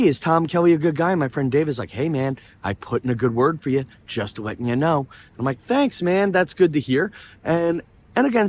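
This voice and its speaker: A man hosting his vlog outdoors near the ocean, telling a story in a rambling, excitable way full of restarts and asides. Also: on the high side, a little hiss or hum. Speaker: comedian and vlog host.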